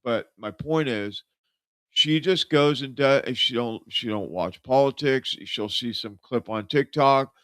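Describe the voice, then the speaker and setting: A man's voice: mid-range voice, unhurried, a bit bright, dry recording. A man hosting a live show, rambling conversationally about everyday worries. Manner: rambling, conversational, with frequent fillers. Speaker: host. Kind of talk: casual live-show monologue.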